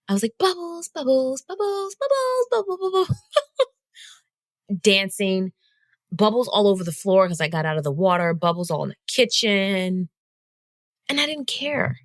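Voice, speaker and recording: A woman hosting a solo podcast, telling a story in an animated, conversational way and talking straight to her listeners. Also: medium pitch, no echo. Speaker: podcast host.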